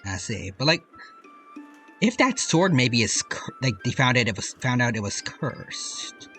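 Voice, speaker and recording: A man streaming a game live, talking in a casual, rambling and joking manner. His pitch moves in a lively way. Faint game music sits behind him. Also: unhurried.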